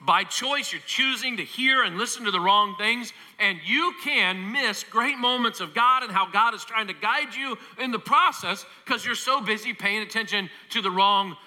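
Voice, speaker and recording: A man preaching a sermon as pastor, telling a Bible story with animated acting-out of the characters. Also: high-pitched, normal speed, hardly any pauses, in a large hall.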